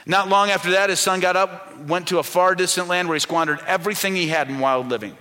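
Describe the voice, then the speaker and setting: Bright-voiced pastor preaching in a reverberant hall. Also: male voice, high-pitched, fast talker. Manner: conversational preaching with audience questions, dropping soft for quoted lines. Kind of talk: sermon. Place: church. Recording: long reverb of a large church hall.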